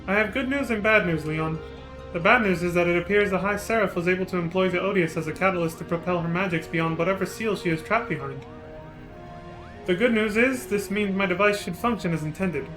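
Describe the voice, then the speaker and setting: A man reading the lines of a male inventor ally from a game, brisk and explanatory. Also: sits high, music in the background, lightly acted. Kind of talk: reading game dialogue aloud.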